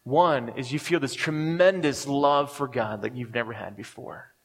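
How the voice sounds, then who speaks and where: Man, forties, pastor, storytelling sermon, middle pitch, long reverb of a church hall. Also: normal speed. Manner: personal storytelling with many restarts and fillers.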